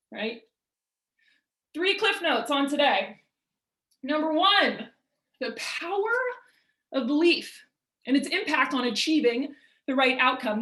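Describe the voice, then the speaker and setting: A woman's voice: high voice, a bit bright. A woman leading a motivational workshop over a video call, speaking in an emphatic, punchy way and asking rhetorical questions. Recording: roomy echo.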